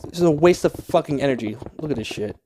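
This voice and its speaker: A man's voice: on the high side, animated, fast talker, mellow, slight background noise. A young man talking through a game tutorial in a casual, rambling way, swearing often and easily annoyed. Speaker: Minecraft tutorial creator. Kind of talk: casual gameplay tutorial voice-over.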